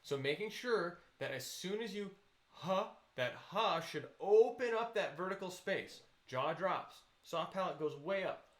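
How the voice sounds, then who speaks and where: A man's voice: high voice, expressive, normal speed, hardly any pauses, echoey room. A man teaching a voice lesson, patiently explaining vocal technique and counting students into exercises.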